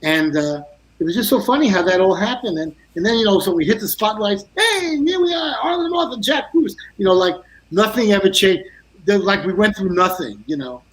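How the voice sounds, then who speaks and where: An older man with a notably high speaking voice tells his stories with energy. He slips into other people's voices as he goes. It's a casual interview chat over a video call. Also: brisk, poor audio. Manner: animated anecdotes full of quoted voices. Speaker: guest guitarist.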